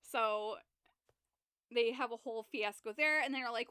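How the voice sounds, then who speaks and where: A woman's voice: on the high side, measured pace, pushed and bright, clean tone, no echo, clean studio sound. A woman co-hosting a podcast, casually retelling a book's plot, rambling, swearing freely and acting out the characters' lines. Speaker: podcast co-host. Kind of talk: casual book recap chat.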